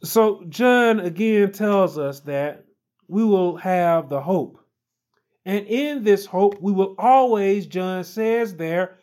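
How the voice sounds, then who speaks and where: Slow, emphatic man preaching. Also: sits high. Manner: slow, emphatic, repeats phrases with rising stress. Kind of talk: sermon.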